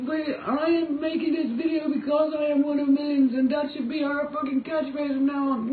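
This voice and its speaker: A woman's voice: sits high, fairly even intonation, normal speed. An Irish woman in a motel room, giving a raw, profane, pleading confessional monologue to a phone. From Ireland. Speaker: singer making a personal video. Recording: echoey, distant, tinny phone-like audio with faint noise.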